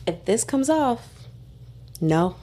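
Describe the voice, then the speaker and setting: Young woman chatting, super animated, laughs a lot, cusses casually. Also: a little high, slow. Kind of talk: casual chat.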